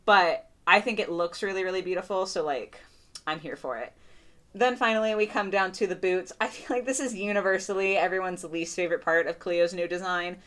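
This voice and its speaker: A young woman giving a casual, gushing doll review, full of fillers and excited praise. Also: lowish voice, a little fast. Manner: gushing, chatty, lots of "like" fillers.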